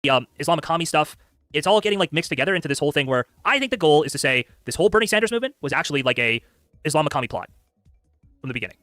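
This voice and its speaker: A man live-streaming casual commentary, talking rapidly with lots of filler words, tired from a long stream. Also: a little high, animated, sharp tone, dry recording, studio quality, faint music behind. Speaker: streamer reacting to clips.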